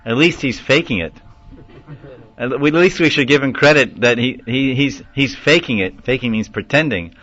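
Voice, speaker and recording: A man's voice: medium pitch, a bit bright, no room sound. A man giving a conversational devotional lecture, acting out quoted voices and chuckling now and then. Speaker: lecturer on scripture. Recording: dull lo-fi dry recording.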